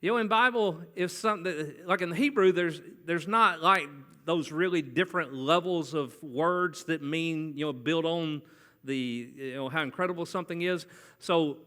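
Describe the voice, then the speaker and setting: Bright-voiced male preacher in reverberant hall. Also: fairly high pitch, normal speed. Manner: conversational, asks the congregation questions. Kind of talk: sermon. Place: church sanctuary. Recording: long church hall reverb.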